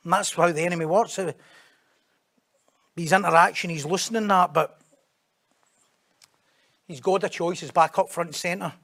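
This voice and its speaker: A man delivering a sermon with a notably high-pitched voice for a man. He talks in a lively, conversational way and often jumps into loud, raised bursts of emphasis. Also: moderate pace, gravelly, long pauses. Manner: animated, acts out quoted voices, sudden loud high bursts. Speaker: preacher.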